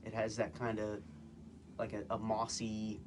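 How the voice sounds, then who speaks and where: A man casually reviewing products on a phone livestream, talking in a relaxed, hesitant way with many "um"s and "again"s. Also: on the low side, a little slow, background noise. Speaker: guest co-presenter, husband. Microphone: phone, live stream.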